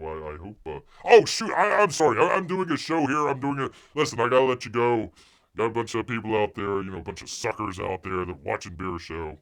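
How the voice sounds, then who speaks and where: A man hosting a casual live stream who talks about himself in the third person and halts often with restarts. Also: medium pitch. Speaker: live show host.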